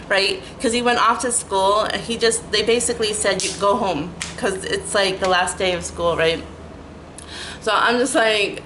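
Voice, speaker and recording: A middle-aged woman telling a rambling, animated story in a casual vlog, full of "like" and restarts. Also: fairly high pitch, slight background noise, low-quality recording. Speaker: storytelling vlogger.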